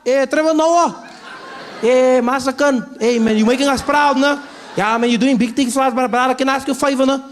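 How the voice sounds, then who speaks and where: A comedian acting out a pushy, friendly well-wisher with a South African accent who pleads insistently and ends lines with tag questions. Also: male voice, extremely high pitch, fairly even intonation, a little fast, a faint crowd, a little hiss or hum, voice pushed up. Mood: pleading.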